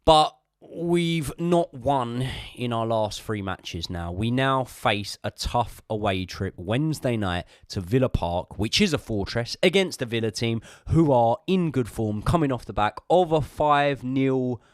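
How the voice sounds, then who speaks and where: A man's voice: mid-range voice, expressive, measured pace, hardly any pauses, no room sound, clean studio sound. A man hosting a podcast, chatting casually about football, opinionated and swearing freely with rambling asides. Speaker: podcast host. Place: podcast room.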